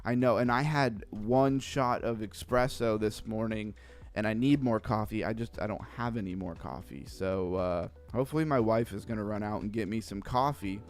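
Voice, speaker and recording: A man hosting a casual crypto livestream, chatting loosely, reading out chat messages and trailing off into low mumbles. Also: normal speed, faint music behind. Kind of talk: casual live-stream chat.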